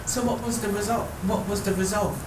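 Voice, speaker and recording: A woman's voice: mid-range voice, steady tone, brisk. A woman hosting a podcast, pressing her guest with probing, challenging questions. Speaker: podcast host. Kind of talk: candid podcast conversation. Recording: echoey room, distant mic, noisy background.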